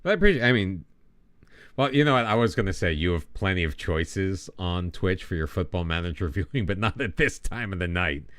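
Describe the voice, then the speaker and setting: Rambling man, lively low voice. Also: fairly quick, no room sound. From United States. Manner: rambling and self-deprecating, with many restarts. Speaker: game streamer. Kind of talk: casual live-stream chat.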